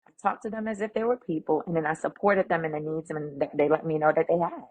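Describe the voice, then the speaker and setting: A middle-aged woman, a guest speaker, telling workplace stories in an animated, emphatic way and acting out the quoted talk. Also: low-pitched, fast, rough recording. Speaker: guest, emotional intelligence speaker. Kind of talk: conversational storytelling.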